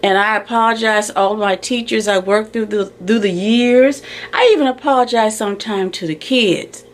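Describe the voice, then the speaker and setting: At a moderate pace and medium pitch, this school librarian chats casually in a vlog shot on a handheld phone, rambling and breaking off her own sentences.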